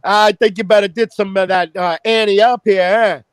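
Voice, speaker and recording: A man's voice: sits high, steady tone, moderate pace, clear, resonant tone, dry recording, clean studio sound. A man co-hosting a call-in panel, joking crudely and slipping into mock tough-guy bits. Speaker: co-host.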